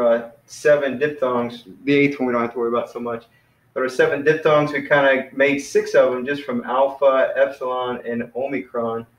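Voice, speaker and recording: A man runs a casual online class for beginners, sounding relaxed and friendly and frequently saying "man" and "you know." His voice is mid-range, and the recording sounds roomy with the highs cut off.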